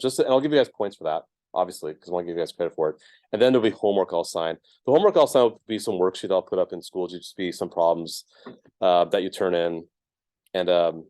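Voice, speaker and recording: A man's voice: low voice, darkish tone, no echo. A man teaching a math class, explaining each step casually with lots of ums and checks of "right?". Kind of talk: classroom lecture.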